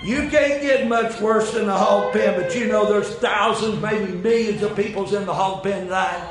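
A man preaching a sermon, telling a folksy story with repeated phrases and building to impassioned shouted climaxes. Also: sits high, normal speed. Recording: very echoey room with faint noise.

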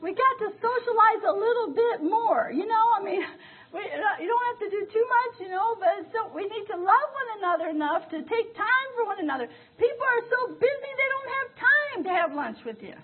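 An older woman preaches with fervent, tearful emotion, her voice very high and often crying out. The recording is thin and tinny, as if heard over a phone line. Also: lively intonation, brisk. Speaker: minister. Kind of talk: sermon.

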